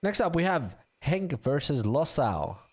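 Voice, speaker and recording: A chatty male game commentator with a slightly roughened voice. His pitch swings widely as he calls the fights and banters with chat. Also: very animated, a little slow. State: voice getting rough. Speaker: league commentator.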